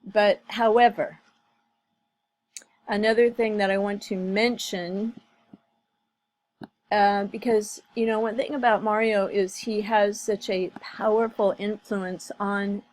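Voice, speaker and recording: A woman giving casual commentary in a vlog. She speaks in an unhurried, deliberate way and often stops to search for her words with fillers. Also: medium pitch, a little mellow, rough recording. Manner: slow, thoughtful, many fillers and restarts. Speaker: commentary vlogger. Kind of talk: casual commentary on a video clip.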